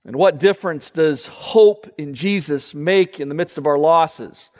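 A man preaching with earnest feeling, often repeating himself and sinking to a hushed tone. His voice sits high for a man. A long hall reverb trails after his words. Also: a little slow. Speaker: pastor. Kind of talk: sermon.

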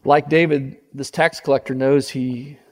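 A man's voice: medium pitch, fairly even intonation, measured pace, big-room sound. A man preaching a sermon, passionately voicing a repentant sinner's confession.

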